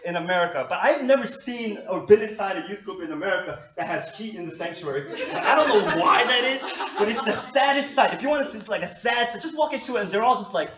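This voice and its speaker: Brief: male pastor from New York, high voice, laughing self-deprecating sermon, dull lo-fi recording. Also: expressive, fast talker, hardly any pauses, over a noisy crowd. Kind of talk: conversational sermon. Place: church hall. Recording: echoey dull lo-fi hall recording.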